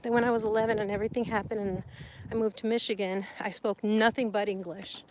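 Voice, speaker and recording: A woman from Sonora chatting casually with live viewers, animated and quick to laugh. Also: mid-range voice, rough recording. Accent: Sonoran Spanish influence. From Mexico (Sonora). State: hot and sweating. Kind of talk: casual live-stream chat.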